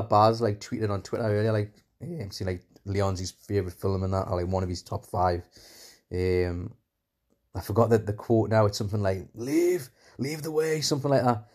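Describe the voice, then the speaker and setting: A man with a lowish, slightly mellow voice casually retells a film's plot scene by scene. He rambles, piling on fillers and excited asides, and keeps calling scenes "class."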